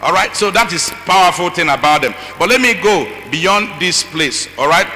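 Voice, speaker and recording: A middle-aged man speaking as a conference speaker, animated and acting out voices with asides to the audience. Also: high voice, moderate pace. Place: large conference hall. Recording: long hall reverb, faint noise.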